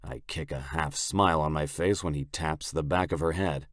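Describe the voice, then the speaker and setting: A man narrating a romance audiobook in the first person with a steady, unhurried reading. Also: rumbling low, dry recording, studio quality.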